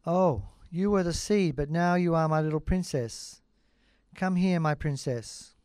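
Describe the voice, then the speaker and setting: Sex: man. Figure: a possessive, stubborn fairy-tale king in a storybook reading. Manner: slow, firm, clear. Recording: dry. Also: fairly high pitch, darkish tone, no echo, close to an everyday voice. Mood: fond.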